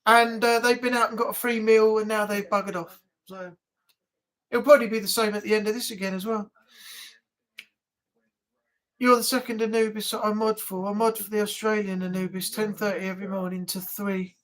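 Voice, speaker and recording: A man's voice: high voice, little pitch movement, a little fast, a bit bright. A man hosting a casual live chat stream from home, chatty and grumbling, swearing now and then.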